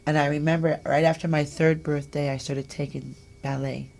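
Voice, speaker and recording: A middle-aged woman hosting a talk show, telling personal stories in an animated way and acting out the voices of people she quotes. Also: sits low, normal speed, gravelly. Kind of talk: personal storytelling chat.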